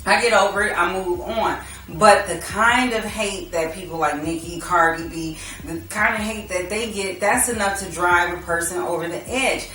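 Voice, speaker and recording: A woman's voice: fairly low pitch, normal speed, hardly any pauses, pushed and bright, a little hiss or hum. A woman hosting a podcast, talking casually and arguing her point, laughing easily. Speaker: podcast host. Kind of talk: casual debate. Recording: echoey room, mic at a distance.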